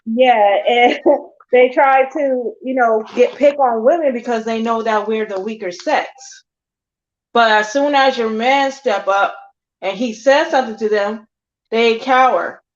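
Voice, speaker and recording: A woman's voice: fairly high pitch, unhurried. A woman co-hosting a casual chat, agreeing in an emphatic way. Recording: dull lo-fi audio with faint noise.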